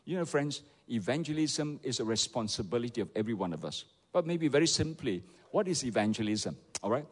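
A man preaching a sermon, animated and peppered with "okay" and "isn't it". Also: mid-range voice, brisk, few pauses. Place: church hall. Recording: echoey church hall.

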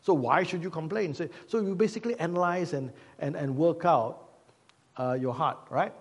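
A man's voice: on the high side, normal speed, husky. A man preaching a sermon as pastor, conversational, with many fillers and repeated rhetorical questions. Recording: long hall reverb.

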